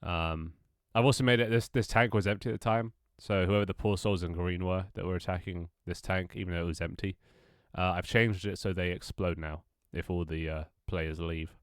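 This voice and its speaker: A man's voice: sits low, fairly even intonation, normal speed, hardly any pauses, dry recording, studio quality. Stuffy-nosed man streaming. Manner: rambling, self-mocking, swears casually. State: stuffy, congested nose. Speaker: game developer streaming live. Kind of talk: casual live-stream chat.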